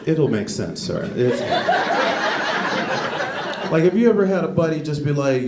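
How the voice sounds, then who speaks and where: A man doing a stand-up comedy set, rambling and correcting himself, with sudden jumps into high-pitched bursts. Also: big pitch swings, a little slow, long pauses, far from the mic, over a noisy crowd. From United States. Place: comedy club stage. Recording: echoey club recorded from afar, noisy. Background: audience laughter.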